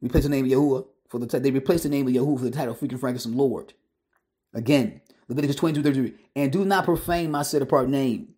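A man's voice: mid-range voice, rapid-fire, warm tone. A man preaching in a monologue, emphatic and blunt, firing rhetorical questions at his listeners and mixing street slang into his sermon.

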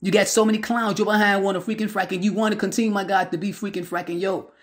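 A man's voice: high voice, level tone, quick pace. A man preaching a street-style sermon, emphatic and slangy, filling his lines with repeated interjections. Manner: emphatic, repetitive filler phrases, slangy.

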